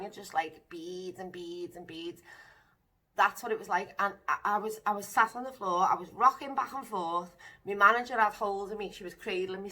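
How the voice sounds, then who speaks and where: Bright-voiced woman telling her story. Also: medium pitch. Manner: emotional, vivid retelling with breathy, whispered re-enactments. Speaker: vlogger sharing personal experience. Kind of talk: candid personal storytelling.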